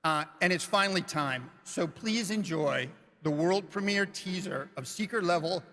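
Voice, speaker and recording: Excited man presenting on an echoey stage. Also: high-pitched, moderate pace. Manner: emotional, excited. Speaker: film director presenting a series.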